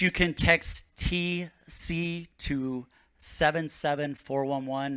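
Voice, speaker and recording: A man's voice: a little high, bright, forceful tone, smooth, no room sound. A man, a pastor, preaching a sermon to his congregation with rising bursts of energy.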